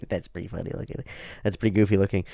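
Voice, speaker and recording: A man's voice: sits low, flat delivery, very fast, vocal fry, dark tone, no room sound, clean studio sound. A man thinking aloud in casual commentary while he sketches, rambling and trailing off. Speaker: channel host.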